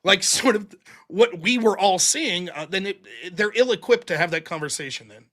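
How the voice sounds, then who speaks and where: A man's voice: high-pitched, moderate pace. A man hosting a live call-in stream, talking casually and acting out quotes in voices. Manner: animated, acts out quotes in voices. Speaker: call-in show host.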